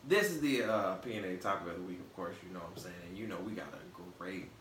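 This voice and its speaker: A man's voice: deep voice, quick pace, a bit bright. A man hosting a casual podcast, with a light Southern accent mixed with Detroit, talking loose and slangy with lots of restarts. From American South, raised in Michigan. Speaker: podcast host. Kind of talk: casual podcast chat on a live stream. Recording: echoey, distant mic with faint noise.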